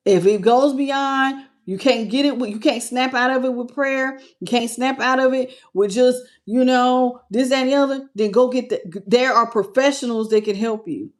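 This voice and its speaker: A woman's voice: a little high, normal speed, hardly any pauses. A woman hosting a spiritual tarot channel, talking earnestly and casually to her viewers. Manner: earnest and intimate, with loose casual phrasing. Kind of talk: casual livestream talk to viewers.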